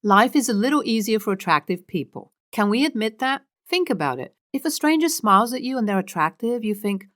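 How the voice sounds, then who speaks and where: A woman narrating, reading a series of online posts aloud in a steady, scripted way. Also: on the high side, fairly quick, hardly any pauses.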